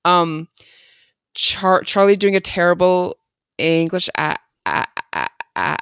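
A woman co-hosting a podcast in casual chat, halting and stumbling over words with many ums. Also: on the low side, sing-song, a bit bright, clear, resonant tone, no room sound, clean studio sound. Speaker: podcast co-host.

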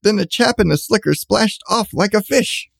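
A man's voice: high voice, lively intonation, normal speed, vocal fry, fairly bright tone, breathy edge, no room sound. A man reading a rhyming children's storybook aloud with a bouncy cadence.

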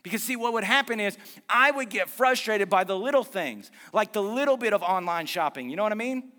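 A man preaching a sermon as pastor, lively and conversational, mixing jokes and asides about his marriage into the message. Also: high voice, brisk, big-room sound.

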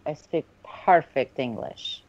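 A man's voice: on the high side, slow pace, dry recording, muffled recording. A man co-hosting a movie commentary podcast in laid-back, casual chat. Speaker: podcast co-host.

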